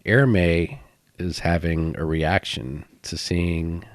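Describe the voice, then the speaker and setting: A man's voice: sits low, slow pace, no echo. A man co-hosting a podcast, casually recapping a tabletop adventure with frequent fillers. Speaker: podcast co-host and player.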